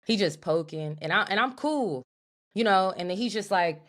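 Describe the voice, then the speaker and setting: A young woman co-hosting a podcast, telling an animated, profane story in a casual chat. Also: medium pitch, a little fast. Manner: animated, profane, talks to her co-host as "girl". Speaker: podcast co-host.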